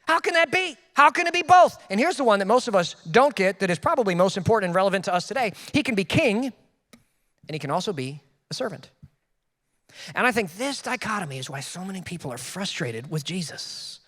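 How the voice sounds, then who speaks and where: A man preaching a sermon as a pastor, with sudden loud emphases and self-deprecating asides. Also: sits high, lively intonation, brisk, big-room sound.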